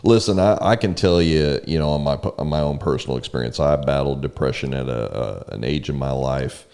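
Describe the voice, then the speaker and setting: A man talking in a relaxed conversation, earnest and rambling, often repeating words as he tells stories. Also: very deep voice, brisk, creaky. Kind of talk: casual conversation.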